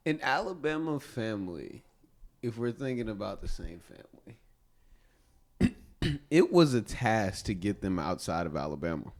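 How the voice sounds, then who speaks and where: A man co-hosting a podcast in casual chat, animated, laughing often and swearing freely. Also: fairly low pitch, moderate pace, pauses often. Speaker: podcast co-host.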